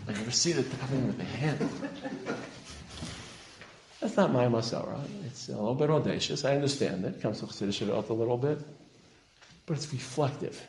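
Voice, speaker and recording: A man delivers a sermon-style lecture with fervent conviction, his voice at an ordinary middle pitch. He builds to loud, emphatic peaks, weaving in Hebrew terms as he goes. The sound carries the roomy echo of a lecture hall. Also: expressive, a little fast, long pauses, a little hiss or hum. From Israel. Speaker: rabbi giving a lecture.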